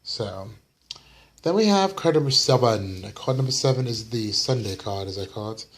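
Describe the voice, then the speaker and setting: A man's voice: mid-range voice, animated, moderate pace. A tired young man from the United States giving a casual weekly tarot reading, rambling and apologizing for his yawns. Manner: rambling, apologetic, yawning, fillers. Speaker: tarot reader. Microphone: camera mic.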